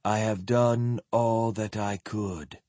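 A man's voice: lowish voice, steady tone, slow, dark tone, no echo. A man voicing the ghost of an armored knight, speaking in a hollow, empty voice with solemn, archaic phrasing.

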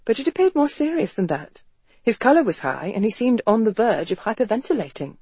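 An audiobook narrator reads a novel in a measured, expressive way. The voice sits in the middle range. The recording is close and dry, with no room sound. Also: medium pitch, husky, dry recording. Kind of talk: scripted narration.

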